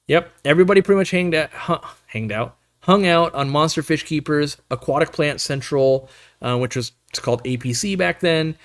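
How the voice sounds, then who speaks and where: A man chats casually on a live stream, wandering from thought to thought with plenty of fillers and laid-back slang. His voice sits at an ordinary middle pitch, picked up close and dry with no room sound around it. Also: no echo. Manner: rambling, upbeat, lots of fillers and slang.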